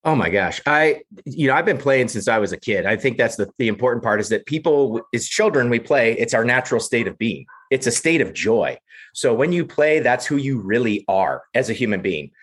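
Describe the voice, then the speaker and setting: A man's voice: medium pitch, animated, fairly quick, slightly rough. A man talking as a podcast guest, enthusiastic and storytelling, often restarting his sentences. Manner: enthusiastic storyteller, repeats words when starting. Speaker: podcast guest, play professional. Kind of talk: casual podcast chat.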